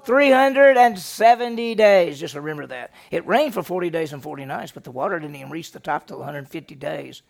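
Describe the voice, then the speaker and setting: A man, a senior pastor, teaching a Bible lesson in an animated storytelling way and quizzing his class with questions. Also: a little high, fast talker, creaky, hardly any pauses, husky.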